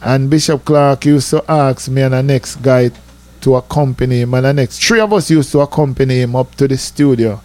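A middle-aged man with a Jamaican accent, telling stories in a lively, chatty way as a radio host. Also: medium pitch, fairly quick. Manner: lively, chatty, full of asides like "I tell you, man". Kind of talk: casual storytelling on radio.

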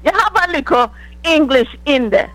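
A woman's voice: high voice, expressive, normal speed, a bit bright, no room sound, rough recording. A woman with a strong Jamaican patois accent, hosting a casual chat and teasingly pressing her guest with question after question.

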